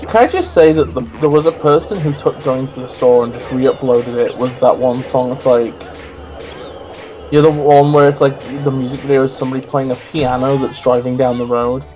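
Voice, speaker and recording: A man's voice: medium pitch, fairly even intonation, fairly quick, mellow, faint music behind. A man co-hosting a casual gameplay stream, rambling and opinionated, often correcting himself mid-sentence. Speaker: streamer co-host.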